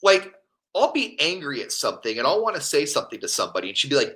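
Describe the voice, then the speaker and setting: Guy co-host, rambles and laughs a lot, bright tone with a lively up-and-down voice. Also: fairly high pitch, fast talker, low-quality recording. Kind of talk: casual podcast chat.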